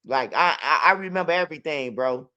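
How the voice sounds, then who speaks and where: A man's voice: fairly high pitch, lively intonation, a little fast, bright, forceful tone, highs cut off. A young man with a Chicago accent telling street stories in loose, profane casual talk. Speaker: interviewee. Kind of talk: casual storytelling.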